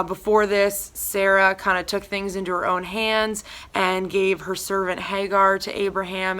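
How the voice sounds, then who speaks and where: A young woman giving a casual church devotional, reading scripture and then talking it through in a chatty way full of fillers. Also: mid-range voice. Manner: chatty, filler-heavy, animated retellings.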